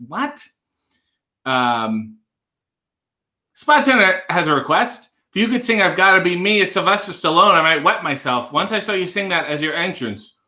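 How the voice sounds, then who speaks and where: High, bright-voiced man joking on a livestream. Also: expressive. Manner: wry, joking, quick asides. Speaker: livestream host. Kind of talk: casual livestream chat, reading comments.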